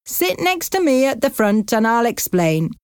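A woman reading aloud and voicing a relaxed, friendly country man with a horse and cart. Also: fairly high pitch, moderate pace, smooth, no room sound, clean studio sound, voice pushed up. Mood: easygoing. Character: easygoing older Irish man with a horse and cart.

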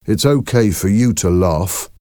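A man voicing a sad, withdrawn boy in a storybook reading, with a quiet, bitter delivery. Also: fairly low pitch, animated, measured pace, no echo, clean studio sound, voice pushed up.

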